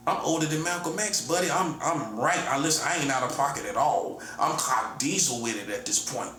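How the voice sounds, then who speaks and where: A combative man in his forties lecturing straight at the listener, circling back to the same points and tossing in "buddy" over and over. His voice sits a little higher than most men's. It rings in a roomy space over faint background ambience. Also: sharp tone, a little hiss or hum. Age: 40s. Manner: repetitive, combative, keeps calling the listener "buddy". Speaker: self-styled prophet giving a monologue. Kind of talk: confrontational spoken monologue.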